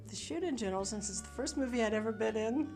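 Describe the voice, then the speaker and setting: A woman's voice: a little high, lively intonation, fast, over music. An actress remembering her first film fondly in an easygoing interview. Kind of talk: interview recollection.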